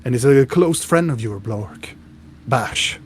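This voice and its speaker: A man's voice: mid-range voice, expressive, takes it slowly, darkish tone, husky. A man narrating a tabletop game as game master, describing scenes with frequent restarts.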